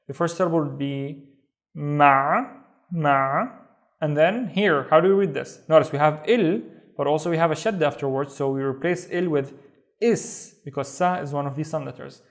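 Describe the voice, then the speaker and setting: Patient man teaching word by word. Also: a little high. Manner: patient, sounds out syllables slowly and repeats them. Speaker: Arabic teacher. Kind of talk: slow step-by-step reading lesson.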